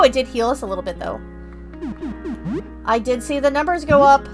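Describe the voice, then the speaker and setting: A woman's voice: high voice, lively intonation, normal speed, long pauses, poor audio. A young woman streamer chatting casually while she plays, bubbly and self-deprecating. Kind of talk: casual gameplay chat. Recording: game music underneath.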